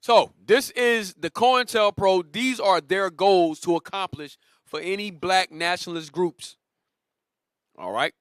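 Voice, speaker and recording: A man's voice: high-pitched, a little slow, fairly bright tone, smooth, no room sound, clean studio sound. A man teaching a religious class who talks emphatically, repeats his points and directs the reader. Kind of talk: religious lesson.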